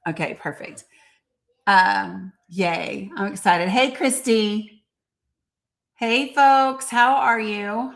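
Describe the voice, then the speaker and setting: A woman's voice: mid-range voice, very slow, gravelly, a bit bright. Bubbly woman hosting a live stream. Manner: bubbly, greets viewers by name. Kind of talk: casual live-stream chat.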